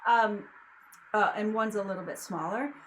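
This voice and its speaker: A woman's voice: mid-range voice, moderate pace, slight background noise, rough recording. A young adult woman teaching singing in a casual lesson, explaining in a loose, chatty way with lots of fillers. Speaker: vocal coach.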